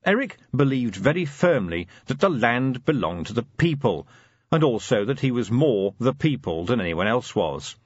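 A man narrating an audiobook in a dry, measured storytelling manner. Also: mid-range voice, sing-song, husky, dry recording. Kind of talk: scripted narration. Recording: slightly dull, muffled audio.

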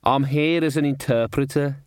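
A man's voice: mid-range voice, steady tone, moderate pace, clean tone, no room sound, studio quality, pitched above the performer's own voice, lightly acted. A man voicing a nervous, know-it-all talking raven that lectures in a raised, chatty voice for a storybook reading.

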